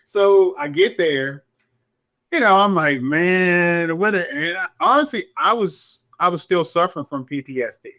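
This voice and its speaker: A middle-aged man, a police officer and podcast guest, telling his story candidly and animatedly, jumping up in pitch when he acts out what people said. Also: a little slow. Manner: animated, acts out quotes in a higher voice.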